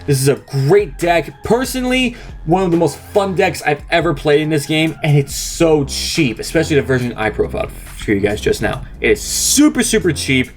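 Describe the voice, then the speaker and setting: A young man hosting a card game channel, chatting casually and explaining a deck step by step in an upbeat, talkative way. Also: fairly high pitch. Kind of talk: casual deck profile walkthrough.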